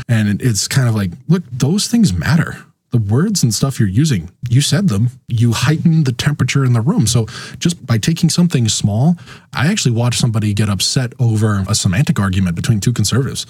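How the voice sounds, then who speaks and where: A man's voice: medium pitch, expressive, brisk, a little mellow, slightly rough, no room sound. A man talking casually about politics, acting out quoted people with big jumps in his voice.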